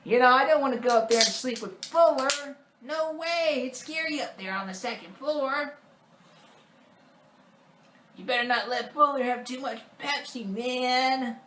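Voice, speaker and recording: A man's voice: very high-pitched, measured pace, sharp tone, a little hiss or hum, pitched above the performer's own voice, heavily acted. A complaining little boy with a grating, nasal whine, as a man puts him on. The voice sits far above a grown man's and sounds thin and pinched. It rings in a roomy, echoing space. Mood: whining. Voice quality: nasal, annoying. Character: whiny young boy, bratty and complaining. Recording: roomy echo.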